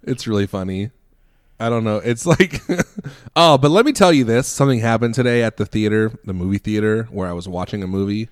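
A man's voice: fairly low pitch, brisk, smooth, no room sound, studio quality. Laughing man telling a story. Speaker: podcast co-host. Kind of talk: casual chat and storytelling.

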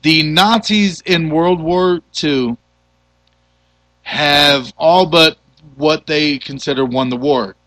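A man hosting a casual movie podcast, retelling a film plot in an animated, loose way with the odd curse. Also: a little high, takes it slowly, no room sound, low-quality recording. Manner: animated storyteller, loose and profane. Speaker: podcast host.

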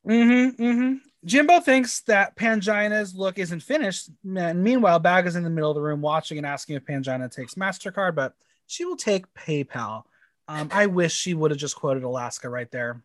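Podcast co-host, man, high and very lively voice, dry close sound, camp and chatty. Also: moderate pace, no echo. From United States. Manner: animated, laughs often, camp and swearing. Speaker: podcast co-host recapping a TV show. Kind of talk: casual chat.

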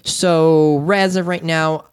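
A man's voice: fairly high pitch, little pitch movement, slow pace, clean tone, no room sound, clean studio sound. A man hosting a casual gaming podcast, rambling and joking, quoting movie lines. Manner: rambling, jokey, breaks into sung movie quotes. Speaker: podcast host. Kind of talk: casual chat.

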